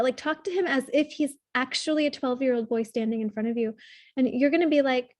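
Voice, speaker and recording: High gentle lady coach talking someone through their feelings, dry close sound. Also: a little fast, dry recording. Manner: gentle, tender, earnest explaining. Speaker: somatic trauma coach. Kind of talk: one-on-one coaching session.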